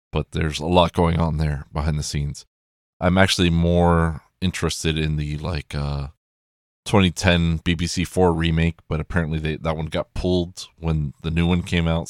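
A man's voice: rumbling low, flat delivery, normal speed, a little mellow, no room sound, studio quality. A man chatting casually and rambling, with plenty of swearing and self-corrections.

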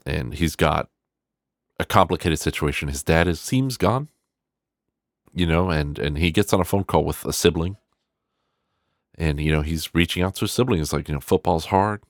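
A man's voice: extremely low pitch, moderate pace, pauses often, dry recording, clean studio sound. A man giving a casual, rambling film review, swearing freely and acting out characters' lines as he goes. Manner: rambling, profane, animated quoting of characters.

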